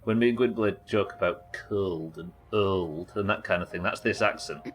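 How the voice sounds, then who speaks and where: A man chats loosely through a live game stream, laughing often. His voice sits low, with quiet music in the background. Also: animated, normal speed. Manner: casual, chatty, laughs often. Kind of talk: live gameplay commentary.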